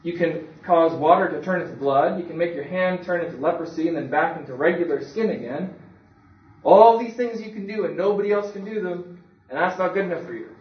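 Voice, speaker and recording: A man's voice: sits high, a little fast, distant mic. Man preaching in an echoey room. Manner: conversational storytelling with acted quotes. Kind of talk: sermon. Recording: echoey room, speaker away from the mic, dull sound.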